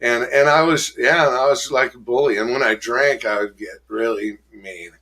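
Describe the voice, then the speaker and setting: A middle-aged man candidly telling his life story in an interview, rough-spoken, acting out old arguments in raised voices. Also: medium pitch, normal speed, bright, forceful tone.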